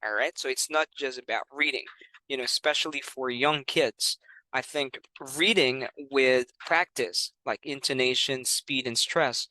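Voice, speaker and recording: A man's voice: mid-range voice, unhurried, bright, forceful tone, no echo, poor audio. A man explaining how he teaches English, speaking patiently and often saying "all right" and "you know".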